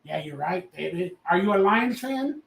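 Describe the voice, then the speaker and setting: A man hosting a casual livestream, loud and rambling, a little tipsy as he reads out chat messages. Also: high-pitched, expressive, normal speed, vocal fry, roomy sound. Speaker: livestream host.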